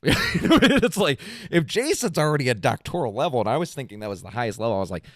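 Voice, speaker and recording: A man's voice: lowish voice, lively intonation, quick pace, no echo, studio quality. A man co-hosting a comedy podcast, chatting casually and reading a post aloud, joking and laughing often. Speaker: podcast co-host.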